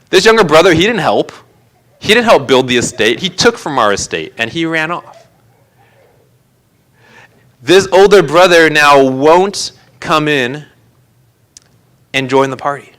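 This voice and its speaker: A pastor preaches during a live-streamed church service, earnestly retelling a parable and voicing the characters' quoted lines. His medium-pitched voice is a bit bright, and the audio quality is poor.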